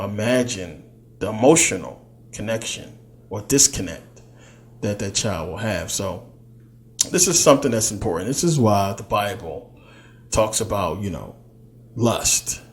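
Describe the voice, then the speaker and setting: A man's voice: fairly low pitch, animated, normal speed. A man giving a loose, conversational spiritual teaching talk, full of fillers. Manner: loose, conversational, many fillers, slips into quoted voices.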